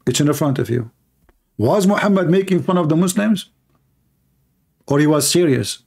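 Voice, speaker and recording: A man's voice: fairly high pitch, animated, moderate pace, vocal fry, a little mellow. Sarcastic man hosting a livestream. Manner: sarcastic and mocking, nonstandard English grammar. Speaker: host of a live religious debate stream. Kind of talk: mocking livestream monologue.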